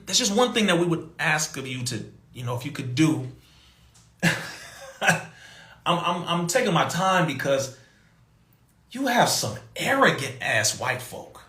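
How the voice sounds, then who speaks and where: A man telling a story in an emphatic, animated way, mimicking other people's voices and laughing between points. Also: fairly high pitch, unhurried, pauses often, echoey room. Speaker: podcast guest.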